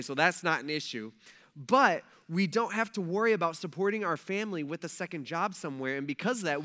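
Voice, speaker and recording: Youngish guy pastor, casual joking sermon in church, slangy, pretty bright voice. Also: on the high side. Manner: chatty and joking, slangy asides.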